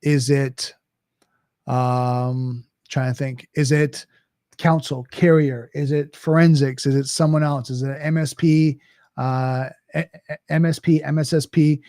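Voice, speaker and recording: A man's voice: medium pitch, steady tone, unhurried, mellow, no room sound, clean studio sound. A man hosting a podcast, talking in a casual, conversational monologue with frequent restarts and "right?" asides. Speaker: podcast host.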